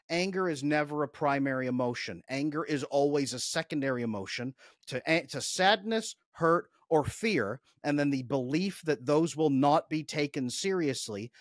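A man's voice: fairly high pitch, dry recording, clean studio sound. A man coaching in a podcast discussion, explaining step by step in an emphatic, instructive way. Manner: emphatic, instructive, role-plays dialogue. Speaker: attachment coach.

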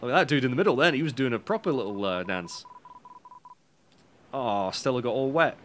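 Game music runs under this British let's play commentator, who speaks a little fast in a mid-range, slightly bright voice, with long pauses and slight background noise. Chatty and self-deprecating, he swears and reads the game dialogue aloud plainly.

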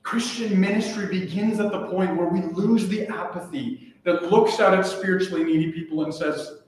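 A man's voice: high voice, moderate pace, hardly any pauses, slight background noise. A man preaching an earnest, emphatic sermon as pastor, repeating his key phrases. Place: church sanctuary. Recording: echoey church from a distant mic.

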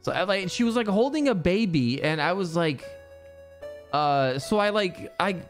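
Casting: young man, streamer, loose rambling chat, cusses freely, slightly high voice, faint music underneath. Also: animated, normal speed. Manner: rambling, swears freely, many fillers. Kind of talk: casual chat while gaming.

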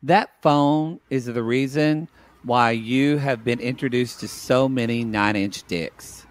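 A man's voice: medium pitch, slow, dry recording. A man co-hosting a podcast, speaking bluntly and crudely in casual chat. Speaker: podcast co-host.

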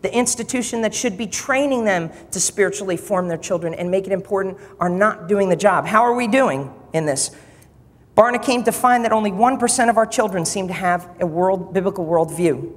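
A man's voice: sits high, fairly quick. A man preaching a sermon to church leaders, emphatic and repeating phrases for effect. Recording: long hall reverb.

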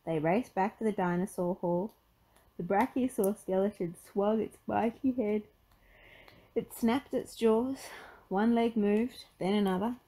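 A woman reads a children's picture book aloud with expressive, storytelling flair. Her voice sits in the mid-range and moves a little slowly, and the audio quality is poor.

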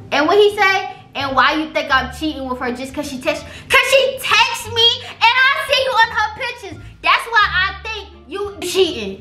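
A young woman talks to camera in a high, bright voice, slangy and dramatic. She reads her messages aloud and riffs to her viewers. The room rings with echo under faint music. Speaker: vlogger pranking her boyfriend. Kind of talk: casual chat to camera, reading texts aloud.

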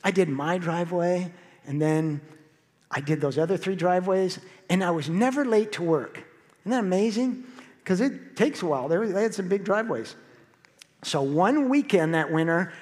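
A middle-aged male pastor telling a story in a sermon, animated and lively, acting out the quotes. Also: high-pitched, moderate pace. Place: church sanctuary. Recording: long hall reverb.

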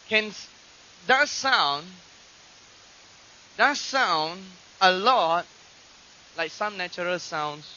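A man preaching a sermon, teaching from scripture and acting out quoted voices with animated emphasis. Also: high voice, a little hiss or hum. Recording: dull lo-fi archive recording.

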